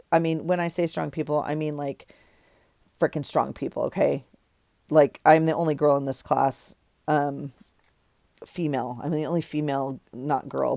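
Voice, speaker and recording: Woman vlogger, low gravelly voice, rambling chatty storyteller, dry close sound. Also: mellow, no room sound. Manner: chatty storytelling, many fillers and self-corrections; laughs at herself often. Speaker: vlogger journaling. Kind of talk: casual chat while journaling.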